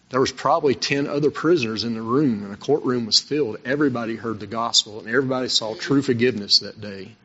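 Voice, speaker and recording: Male preacher, earnest emphatic sermon, bright forceful voice, muffled lo-fi sound. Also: mid-range voice, quick pace, slightly rough. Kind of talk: sermon with personal testimony. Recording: dull lo-fi recording.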